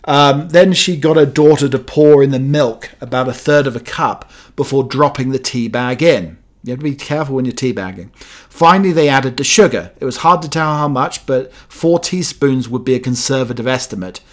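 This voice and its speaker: A man's voice: medium pitch, moderate pace. Meandering British-born radio host, man. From Britain. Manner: meandering, hesitant with many fillers, playful asides. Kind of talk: chatty radio monologue.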